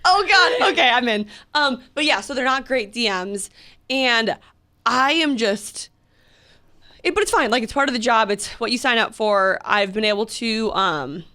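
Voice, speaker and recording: A woman in her twenties co-hosting a casual podcast, telling a story with animated energy, lots of "like" and quick restarts. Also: fairly high pitch. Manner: animated storytelling, heavy use of "like", frequent restarts and laughs. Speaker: podcast co-host.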